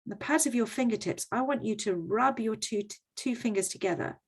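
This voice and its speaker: A woman's voice: a little high, moderate pace, hardly any pauses, slightly rough. A woman presenting a workshop in a conversational teaching style, often checking in with her audience.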